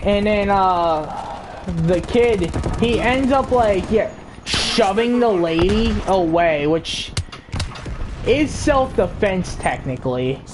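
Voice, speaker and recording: Casual storytime narrator, slow and rambling, lots of fillers and swearing, faint ambience behind. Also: mid-range voice, expressive, background noise.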